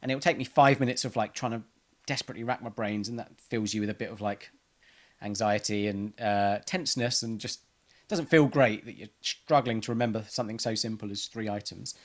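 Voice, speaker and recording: A man's voice: lowish voice, fairly quick. A man talking casually to camera in a rambling personal monologue, full of ums and restarts. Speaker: vlogger.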